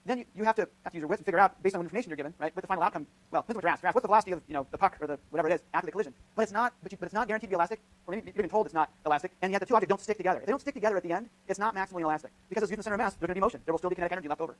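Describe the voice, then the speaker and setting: Fast-talking male physics professor. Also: high-pitched, fairly bright tone, rough recording. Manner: thinks aloud, many restarts and tag questions. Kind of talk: university lecture with live demonstration. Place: lecture hall.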